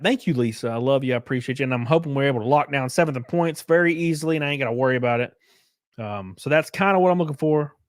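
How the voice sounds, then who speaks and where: A man's voice: mid-range voice, no echo, studio quality. A young man chatting casually on a live stream, thanking viewers for donations in a loose, rambling way. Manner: loose, chatty, mumbles and hums while reading.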